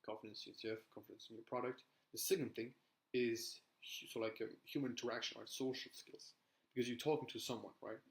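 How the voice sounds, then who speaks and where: A man's voice: mid-range voice, level tone, fast, gravelly, poor audio. A young man coaching on sales in a casual, rambling way, tagging points with "right?" and restarting his sentences. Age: young adult. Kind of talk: casual talking-head advice.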